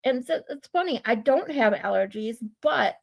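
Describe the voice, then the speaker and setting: A woman's voice: expressive, normal speed, gravelly, dull audio. Nasal Michigan woman, casual stream chat. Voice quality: high, nasal voice. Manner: chatty, laughing often, with many restarts. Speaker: livestream co-host.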